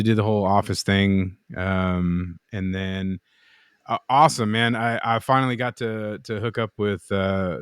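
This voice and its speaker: A man on the low side of the pitch range is heard in clean studio sound with no room tone. He's a knifemaker and podcast co-host who spins rambling stories in casual talk, swearing and acting out quotes.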